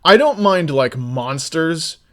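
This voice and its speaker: A man talking casually on a live stream, rambling with many restarts and sometimes getting loud and exasperated. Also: a little high, expressive, takes it slowly.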